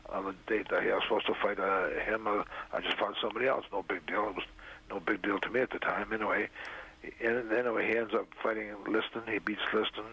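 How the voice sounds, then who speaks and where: An older man, a raspy-voiced interview guest, tells a long story in a halting way, full of "uh" fillers, on a dull lo-fi recording. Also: fairly low pitch, fairly even intonation. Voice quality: gravelly, raspy. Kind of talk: rambling storytelling. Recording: dull lo-fi radio sound.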